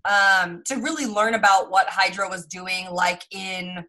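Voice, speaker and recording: A woman's voice: medium pitch, fairly even intonation, unhurried, pushed and bright. A woman co-hosting a podcast, chatting about a movie and acting out her own reactions. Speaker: podcast co-host. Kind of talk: casual movie chat.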